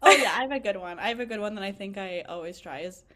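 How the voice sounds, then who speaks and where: A woman's voice: medium pitch, quick pace, a crowd in the background. A young woman in her twenties, a physician assistant student, talking as a podcast guest in a chatty, emotional way with many fillers. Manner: emotional, animated, lots of fillers and laughter. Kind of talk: casual interview chat.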